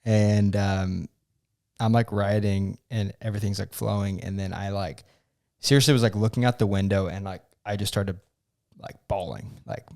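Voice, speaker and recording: Gravelly-voiced young man, earnest. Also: lowish voice, fairly even intonation, moderate pace, darkish tone. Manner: earnest, emotional storytelling with many fillers. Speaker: podcast co-host. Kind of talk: casual chat.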